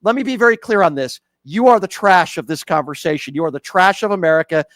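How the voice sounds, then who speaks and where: High-voiced mocking radio host, man. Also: expressive, quick pace, a bit bright, no room sound. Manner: mocking, insulting, talks over callers. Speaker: radio call-in show host. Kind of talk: combative call-in radio talk.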